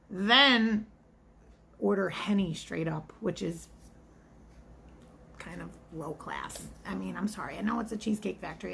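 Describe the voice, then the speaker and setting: A woman in her thirties or forties, a vlogger and restaurant server, tells a casual story in a mid-range voice that's gravelly, husky, and a bit bright. Her chatty telling rambles into asides, and she gives voice to the people she quotes.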